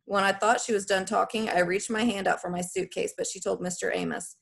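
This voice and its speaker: Woman narrator, folksy first-person storytelling, husky tone. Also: medium pitch, fairly even intonation, brisk, hardly any pauses. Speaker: audiobook narrator.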